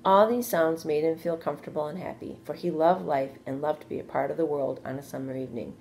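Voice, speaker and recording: A woman teacher reading a children's storybook aloud, steady and expressive. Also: low voice, fast, gravelly, slight background noise.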